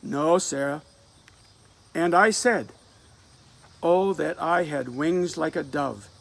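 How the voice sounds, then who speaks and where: A restless, defiant young man of nineteen, as a male reader voices him. He talks with teasing confidence in rural dialect, his words gravelly and slow. The voice sits a bit high for a man. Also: a bit bright, exaggerated voice. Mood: defiant, wistful. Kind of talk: dramatic reading of a play.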